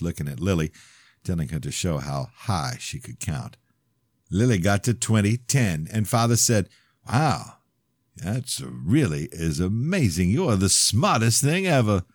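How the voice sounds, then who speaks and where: A man reading his own novel aloud in measured first-person narration. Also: low-pitched, a little mellow, no room sound, clean studio sound. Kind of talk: audiobook narration.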